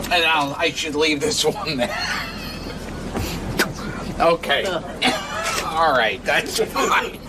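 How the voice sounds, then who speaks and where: A man talking slowly and mumbling, with frequent giggles. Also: a little high, expressive. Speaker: show guest. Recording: loud background noise.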